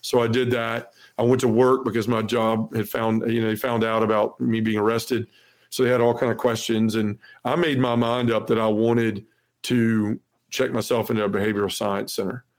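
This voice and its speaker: Speaking at a moderate pace in a lowish voice with little pitch movement, a podcast guest in his forties tells his personal testimony earnestly. He drops in "you know" often and performs the quoted dialogue of the people in his story.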